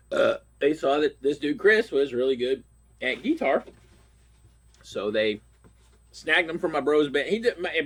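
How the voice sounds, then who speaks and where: A man's voice: medium pitch, a bit bright. A middle-aged man from Pittsburgh with a stuffy nose, ranting bluntly and swearing constantly. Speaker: vlogger. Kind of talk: profane rant.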